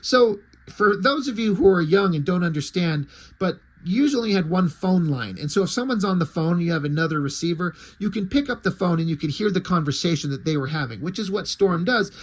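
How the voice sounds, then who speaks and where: A man's voice: high-pitched, lively intonation, brisk. A man reviewing comics in a casual, wry way, with fillers and mild swearing. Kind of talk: casual chat.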